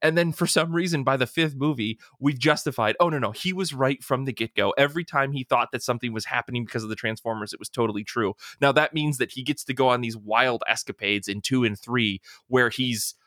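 Male podcast co-host: bright, forceful tone, dry close sound, energetic and chatty. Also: mid-range voice, a little fast, hardly any pauses, dry recording. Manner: animated, enthusiastic retelling. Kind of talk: casual podcast chat.

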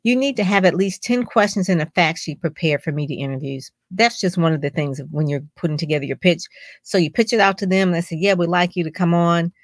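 A woman's voice: on the low side, expressive, quick pace, dry recording, studio quality. A woman speaking as a publicity strategist, coaching listeners in an emphatic way and asking lots of rhetorical questions. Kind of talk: podcast advice talk.

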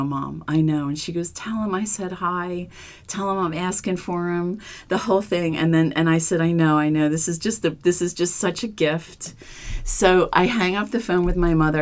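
Low-voiced woman telling a story. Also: normal speed. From Philadelphia. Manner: animated, acts out quoted voices. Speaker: guest. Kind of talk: casual storytelling.

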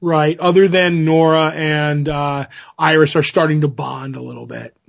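A man co-hosting a casual TV podcast, chatty, quick to agree and to laugh along. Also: a little high, steady tone, gravelly, dull audio. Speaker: podcast co-host. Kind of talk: casual TV recap chat.

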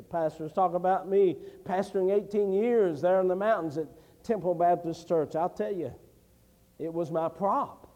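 A man's voice: sits high, moderate pace, fairly bright tone. A middle-aged man preaching a sermon as an evangelist, telling homely stories and building to fervent declamation. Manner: folksy storytelling, rising to fervent declamation. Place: church sanctuary. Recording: long church hall reverb.

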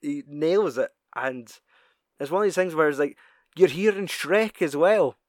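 A man's voice: a little high, a little slow, a little mellow, dry recording. Sweary laughing man, dry sound. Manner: sweary, laughing, acts out film quotes. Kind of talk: casual chat.

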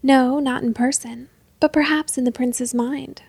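A proud, vengeful princess who taunts her captive in a calm, menacing tone, as a storybook narrator puts her on. The voice is fairly high with a gravelly grain. It is recorded close and dry. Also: a little slow, no room sound, exaggerated voice. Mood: cold, taunting.

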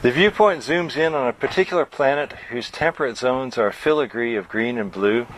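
A man reading his own novel aloud at a bookstore event, in a measured storytelling voice. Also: medium pitch, a little hiss or hum, poor audio.

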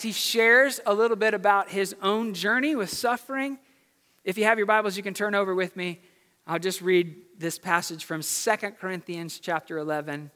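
A man's voice: sits high, pushed and bright, clean tone, big-room sound. A man preaching a sermon as pastor in a church, building his points through emphatic repetition. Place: church sanctuary.

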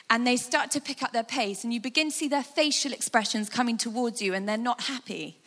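A woman speaker giving a guided imagination talk, animated and conversational with frequent fillers. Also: fairly high pitch, brisk, few pauses. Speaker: church speaker. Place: large hall with a sound desk. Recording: long hall reverb.

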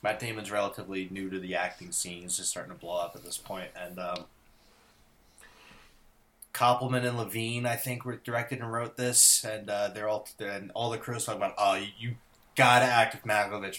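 A man in casual movie chat with friends, an animated storyteller who laughs often and slips into voices for the people he describes. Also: fairly low pitch, brisk. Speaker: podcast co-host.

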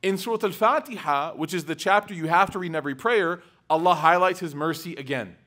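A man giving a religious lecture to a live audience. He tells animated personal anecdotes in a casual style, full of "like" and "right?", and often quizzes his listeners. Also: a little high, brisk. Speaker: religious speaker.

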